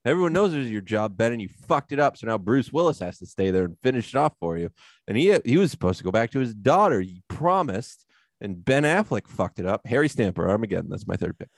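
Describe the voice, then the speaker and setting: Male co-host with a lowish voice, sarcastic and mock-dramatic, dry close-miked sound. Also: sing-song, quick pace, no echo. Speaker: podcast co-host. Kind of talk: casual podcast chat.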